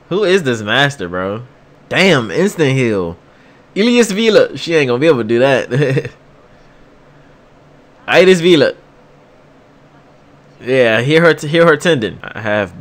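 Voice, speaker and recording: A young man hosting an anime reaction, reacting in excitable, slangy banter and laughing often. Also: medium pitch. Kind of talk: casual reaction commentary.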